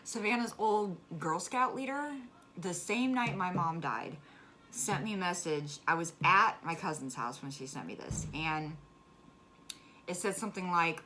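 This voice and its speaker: Woman, low voice, candid vlogger storyteller, noisy recording. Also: sharp tone. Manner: frank, halting with restarts, flares up when angry. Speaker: vlogger sharing a personal story. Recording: clear background noise.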